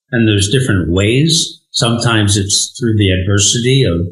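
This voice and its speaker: An older American animator, a guest in an interview, telling stories from his childhood in an earnest, emphatic way. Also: fairly low pitch. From United States. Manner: earnest, warm storytelling with emphatic rising phrases. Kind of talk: reflective storytelling in conversation. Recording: roomy echo.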